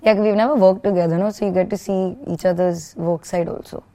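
A woman in her thirties co-hosting a casual podcast with her husband, giving brief, soft-spoken replies. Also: medium pitch, fairly even intonation, fast. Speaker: podcast co-host. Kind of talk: casual couple's podcast chat.

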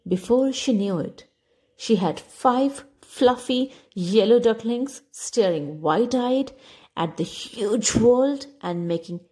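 A woman narrating a children's storybook in a gentle, expressive reading voice. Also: a little high, slow.

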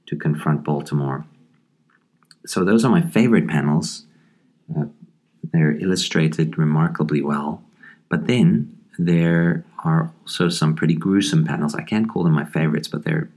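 Very deep-voiced man musing thoughtfully. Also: a little mellow. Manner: thoughtful and halting, with frequent ums and restarts. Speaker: podcast host. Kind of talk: casual review of a horror comic.

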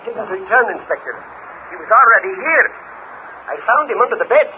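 A man playing a police officer reporting by telephone in a 1940s radio drama, brisk and respectful. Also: sits high, very animated, slight background noise. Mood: urgent. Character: police officer calling in from a crime scene. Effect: telephone line. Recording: tinny 1940s radio broadcast over a phone filter.

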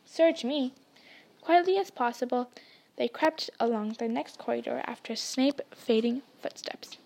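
Woman, storybook reader, expressive, slightly high voice, whispers at tense moments. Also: normal speed, creaky. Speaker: audiobook reader. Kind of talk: reading a novel aloud.

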